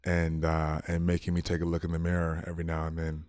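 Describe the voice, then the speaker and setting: A man in his thirties, a podcast guest, chatting casually and telling stories with lively quoted voices and frequent laughs. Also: deep voice, fast talker, clear, resonant tone. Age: 30s. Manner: animated storyteller, laughs often, acts out quotes. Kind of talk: casual chat.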